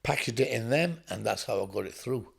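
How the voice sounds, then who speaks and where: A man's voice: mid-range voice, expressive, a little fast, creaky, breathy edge. A man from England, a podcast guest, telling his story bluntly, swearing often and acting out what people said. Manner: blunt, swearing, acts out dialogue. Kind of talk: storytelling interview.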